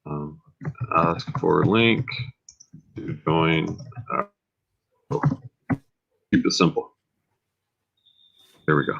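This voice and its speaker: A man hosting a casual live stream, laid-back and drawn-out. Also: extremely low pitch, vocal fry, a bit bright, slight background noise. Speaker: host of a reseller live show. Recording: dull lo-fi stream audio.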